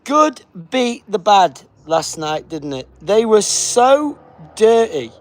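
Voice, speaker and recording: A man's voice: sits high, sing-song, takes it slowly. Chatty man on a livestream. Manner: chatty, reads viewer comments aloud, says big up yourself; puts on a flight announcement voice. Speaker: livestream host. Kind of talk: casual livestream chat reading comments.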